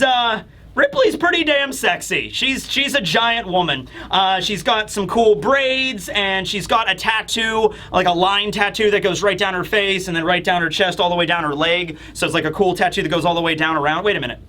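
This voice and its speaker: A man's voice: high voice, normal speed, sharp tone. A man reviewing a comic chapter in a rambling, chatty way. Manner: rambling, chatty, lots of fillers and laughs. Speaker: manga reviewer. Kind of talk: casual commentary.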